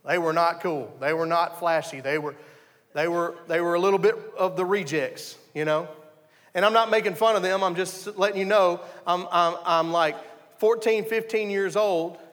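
High-voiced pastor, reverberant hall. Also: male voice, fairly even intonation, moderate pace, a bit bright. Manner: earnest storytelling with frequent restarts. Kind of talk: conversational sermon.

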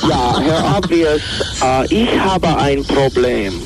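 A man voicing a confused male caller who talks in halting, broken mock German in a comedy sketch. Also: medium pitch, very noisy. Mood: bewildered.

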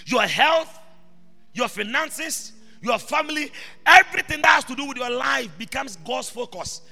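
A man preaching a sermon as an apostle, shifting between quiet asides and shouted proclamations. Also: extremely high pitch, lively intonation, normal speed, gravelly. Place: church hall. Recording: reverberant church hall with music behind.

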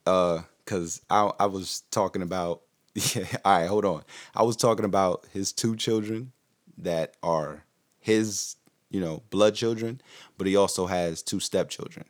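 A man in his thirties hosting a podcast, casual and profane, who grows animated when he preaches to listeners. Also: low-pitched, unhurried, no echo, clean studio sound. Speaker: podcast host.

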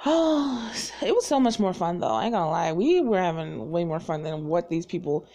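A woman's voice: on the low side, animated, normal speed, dark tone. A woman from the Southern US with no regional accent, casually telling stories in a chatty, profane way and laughing often. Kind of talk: casual storytelling chat.

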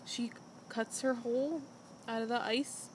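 A woman's voice: fairly high pitch, steady tone, measured pace, a little hiss or hum, low-quality recording. A woman co-hosting a podcast in casual chat, recapping a show as a chatty storyteller full of "like" fillers. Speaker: podcast co-host.

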